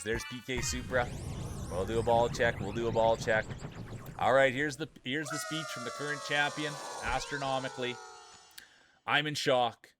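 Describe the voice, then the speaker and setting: A man hosting a live stream, giving hyped, announcer-style play-by-play of marble races and greeting chat by name. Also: mid-range voice. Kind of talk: mock sports play-by-play commentary.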